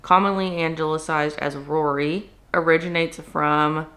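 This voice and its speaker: Young woman, book vlogger, casual chatty delivery, lowish pitch, filler-heavy. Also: steady tone, unhurried, fairly bright tone. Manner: chatty, peppered with "like" and "um". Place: at home indoors.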